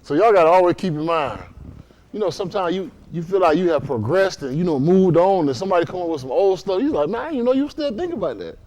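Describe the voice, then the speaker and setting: A man from Miami leading a congregation, moving between prayer and lively, joking talk with loud exclamations, recorded in a synagogue hall during a livestream. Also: on the high side, quick pace. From Miami, Florida. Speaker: congregation leader. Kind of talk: casual sermon talk and prayer.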